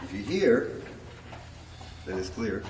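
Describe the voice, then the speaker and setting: A man's voice: lowish voice, very animated, slow. Man lecturing in an echoey classroom. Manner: chants rhythms in nonsense syllables, chuckles often. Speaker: poetry teacher. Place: classroom with a blackboard. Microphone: distant room recording. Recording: echoey classroom, distant mic, noisy tape.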